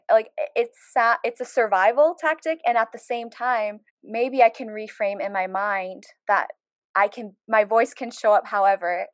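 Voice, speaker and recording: A woman's voice: mid-range voice, no room sound. A young woman moderating a panel discussion, talking reflectively with many "like" fillers.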